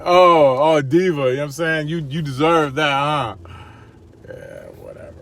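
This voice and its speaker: A married father talking casually to his viewers in a relaxed, slangy, chatty motivational vlog. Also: mid-range voice, moderate pace. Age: adult with wife and kids. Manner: laid-back, slangy, chatty. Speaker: vlogger. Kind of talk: casual motivational talk to camera.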